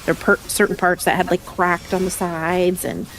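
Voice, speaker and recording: A woman's voice: on the low side, little pitch movement, moderate pace, a bit bright, slight background noise. A young adult woman streaming a game, chatting casually and laughing often through rambling anecdotes into a desk mic. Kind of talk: casual chat while gaming. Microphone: desk microphone.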